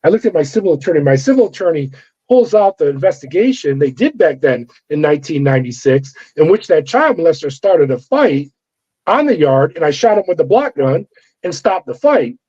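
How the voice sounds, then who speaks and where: A middle-aged man, a former corrections officer, telling his story in an interview with animated, profane delivery and acted-out dialogue. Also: fairly high pitch, a little fast, slightly rough. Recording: dull lo-fi audio.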